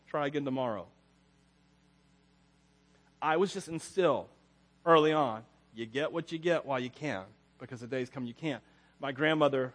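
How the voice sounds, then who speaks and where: A man preaching a casual, conversational sermon as a pastor, rambling through personal stories and chuckling often. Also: on the high side.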